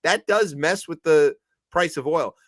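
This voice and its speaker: A man's voice: fairly high pitch, measured pace, a bit bright, no echo. A man co-hosting a comedic news chat show, talking casually and animatedly and acting out quoted voices for laughs. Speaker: co-host.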